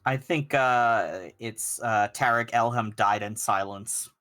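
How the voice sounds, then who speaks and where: A man narrating as game master, taking his time and working out details aloud. His voice sits at an ordinary middle pitch and moves at a slow, deliberate pace. Soft music plays faintly beneath him. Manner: unhurried, thinks aloud while describing. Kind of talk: describing scenes for a tabletop game.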